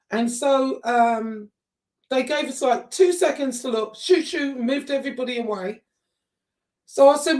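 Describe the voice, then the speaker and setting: A woman casually telling a story to her viewers, animated and exasperated, acting out what people said and swearing now and then. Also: on the high side, normal speed, recorded from a distance. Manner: animated, exasperated retelling with quoted dialogue and swearing. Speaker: vlogger.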